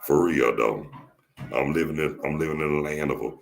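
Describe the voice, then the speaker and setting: A man with a deep voice and a Southern US accent, hosting a casual podcast chat and telling jokey stories, often restarting his phrases. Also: brisk, gravelly. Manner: joking storyteller, repeats and restarts phrases. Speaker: podcast host.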